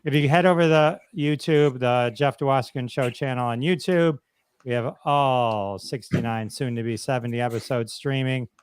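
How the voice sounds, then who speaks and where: A man's voice: mid-range voice, normal speed, smooth, no echo. A man hosting a podcast about TV shows, chatting casually and running the show. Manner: relaxed storyteller, tells jokes with put-on old-man voices. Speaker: podcast host. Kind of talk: casual chat.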